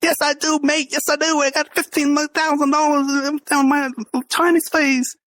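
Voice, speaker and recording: A man voicing an insistent Australian man, speaking high above his own voice, who defends his legal fees. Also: little pitch movement, moderate pace, a bit bright, no echo, studio quality.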